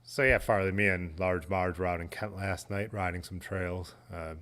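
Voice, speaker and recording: A man's voice: low-pitched, steady tone, normal speed, a bit bright. A man, hosting a casual livestream, reading viewer comments aloud and chatting in a laid-back, rambling way. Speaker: livestream host.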